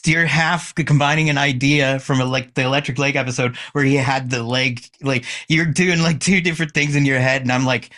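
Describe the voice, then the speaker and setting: A man hosting a podcast, chatting casually and teasing his guest with rapid-fire questions. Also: medium pitch, fairly even intonation, sharp tone. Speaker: podcast host. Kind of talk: casual chat.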